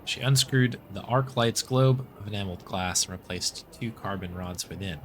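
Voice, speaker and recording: A man's voice: fairly low pitch, normal speed, a little hiss or hum. An American man streaming a story game, reading its narration aloud with casual, chatty asides and thanking viewers.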